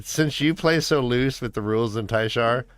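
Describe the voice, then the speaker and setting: A man's voice: mid-range voice, normal speed, smooth, dry recording, studio quality. A man hosting a podcast in casual chat, joking and teasing his co-hosts. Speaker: podcast host.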